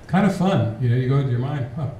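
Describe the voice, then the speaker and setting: A man gives a relaxed, reflective spiritual talk, with a very warm and mellow tone. He sounds far from the mic in a strongly echoing hall. A faint background noise runs under his voice. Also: medium pitch, very fast. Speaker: spiritual teacher. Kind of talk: spiritual talk with audience question.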